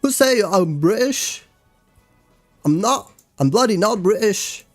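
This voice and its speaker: A man putting on a comic British accent, playing a blustering Brit who loudly denies being British. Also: animated, slow pace, no echo, faint music behind, heavily acted. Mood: indignant. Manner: loud, higher and put-on.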